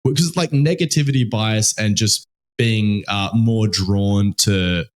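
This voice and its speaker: Sweary Australian man, low voice. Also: slow. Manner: loose and sweary, with lots of fillers and restarts. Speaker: podcast co-host. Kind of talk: casual podcast chat.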